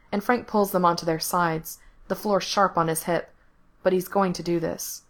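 A woman with a somewhat low voice reads a story aloud in scripted narration. Her delivery is soft and intimate, easing down to a near-hush in the tender passages. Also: gravelly. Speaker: reader. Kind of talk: scripted narration of explicit fan fiction.

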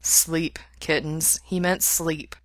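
A sick young man, worn out and dryly wry, speaking low and quiet, as a woman reads him. Close, dry recording. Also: little pitch movement, measured pace, no room sound. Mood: tired. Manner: quiet, subdued.

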